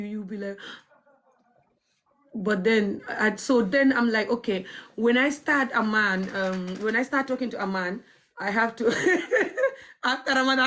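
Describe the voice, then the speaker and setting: A woman from Gambia with a Gambian accent, chatting casually to her viewers, blunt and cheeky and often breaking into laughter. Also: fairly high pitch. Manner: cheeky, frank and outspoken. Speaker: vlogger. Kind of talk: casual storytelling chat.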